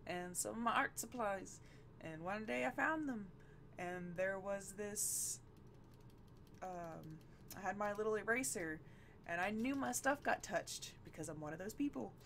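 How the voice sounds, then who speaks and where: A woman co-streamer telling a story in relaxed casual chat, swearing casually. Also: lowish voice, slight background noise.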